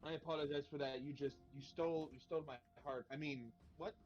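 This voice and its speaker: A man playing a tabletop role-playing game, talking in character in a flattering, rambling way with stammering restarts. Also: fairly high pitch, brisk, highs cut off. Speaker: player.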